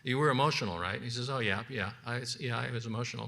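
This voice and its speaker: In this unscripted teaching session, a man leads a biblical counseling class with a mid-range, creaky voice and a sharp edge. His delivery is conversational and halting, full of restarts and repeated words, and he plays out the counseling conversations he talks about.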